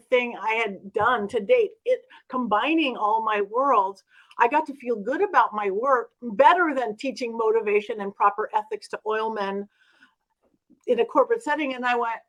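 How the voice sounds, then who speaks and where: A woman guest, a spiritual medium, telling stories in an interview with lively acted-out quotes. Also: a little high, normal speed, rough recording. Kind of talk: storytelling interview.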